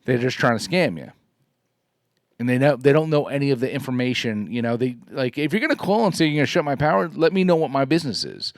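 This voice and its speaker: A man's voice: medium pitch, lively intonation, fast talker, dry recording, clean studio sound. A man co-hosting a podcast in casual chat, agreeable and inclined to repeat himself. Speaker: podcast co-host.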